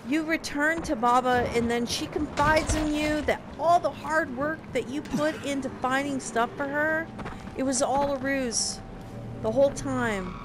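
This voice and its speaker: A woman's voice: high-pitched, measured pace, background noise. A young woman casually recapping a game, sarcastic and profane in her exasperation. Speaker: game reviewer.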